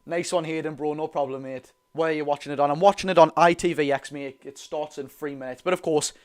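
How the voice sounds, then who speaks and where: With a slightly high voice, fairly even intonation and a quick pace, this North East England host runs a relaxed live watch-along. In his Geordie accent he picks up viewer questions and chats through answers, addressing everyone as "mate" or "lads".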